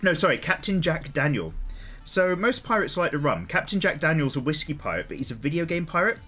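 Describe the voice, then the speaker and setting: A man's voice: fairly high pitch, very animated, a little fast, bright, forceful tone, faint music behind. A man chatting casually on a live stream while he draws, greeting viewers and swearing freely.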